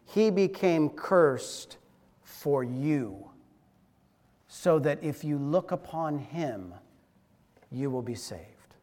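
Male pastor, high voice, slow deliberate sermon delivery in a reverberant church hall. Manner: earnest, varies loudness and drops low for emphasis. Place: church sanctuary.

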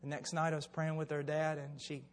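A man's voice: a little high, level tone, fairly quick, a little hiss or hum. Fervent older man preaching in a hall. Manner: fervent, impassioned storytelling. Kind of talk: sermon. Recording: long hall reverb.

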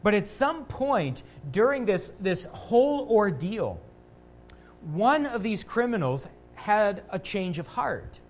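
A man preaching a sermon as a pastor, earnest, rising louder on quotations and dropping low and quiet at key points. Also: very animated, slow pace, soft background music.

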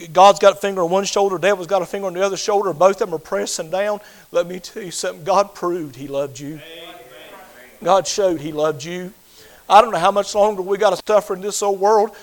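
An older man preaching a sermon, swinging between loud fervent passages and hushed, quiet ones. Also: high-pitched, rough recording.

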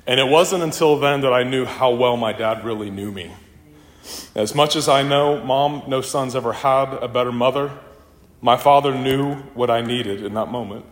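A middle-aged man stands at the front of a church and gives a funeral eulogy. His voice sits at an ordinary pitch and rings through a large hall with a long, roomy reverb. He tells family stories in a reflective way. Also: moderate pace. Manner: reflective storytelling, with warm anecdotes. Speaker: son giving a eulogy.

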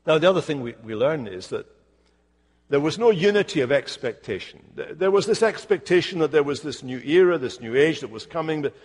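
A male pastor preaching a sermon, emphatic and slowing down on key words. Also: fairly high pitch, expressive, darkish tone, long reverb tail. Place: church.

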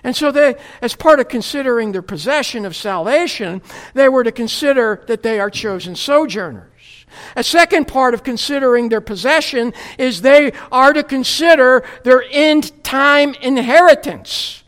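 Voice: high voice, normal speed, fairly bright tone. A preacher from the United States giving a sermon, with wry, humorous asides before earnest scripture teaching.

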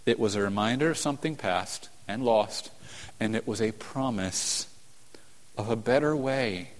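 A man preaching a sermon as a pastor, earnest, rising to emphatic peaks and falling to hushed tones. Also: medium pitch. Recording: long hall reverb.

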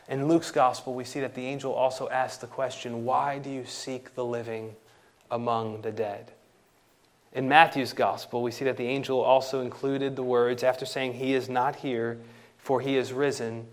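A man preaching an expository sermon, emphatic, slowing down and rising in pitch on key phrases. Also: steady tone. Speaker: pastor.

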